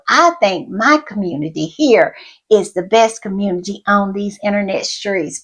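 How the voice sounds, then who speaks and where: A woman hosting a fan commentary channel, gushing excitedly and repeating herself, often calling her viewers y'all. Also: mid-range voice.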